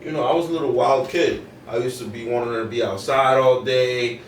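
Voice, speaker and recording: A man's voice: medium pitch, fairly even intonation, fairly quick. Young man, casual podcast chat, street slang, roomy echo, distant mic. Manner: loose street slang, many restarts. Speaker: podcast co-host. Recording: roomy, off-mic, faint noise.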